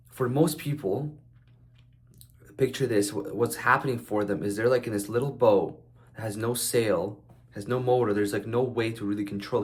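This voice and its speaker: Casual man giving blunt life advice. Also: on the low side. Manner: loose and conversational, with frequent "like" fillers and restarts. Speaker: speaker sharing life advice. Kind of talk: casual motivational monologue.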